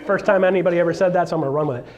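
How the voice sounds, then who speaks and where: Animated high-voiced man coaching. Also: racing, lo-fi sound, a crowd in the background. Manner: joking, animated, acts out voices of clients. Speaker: real estate coach. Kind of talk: live seminar talk.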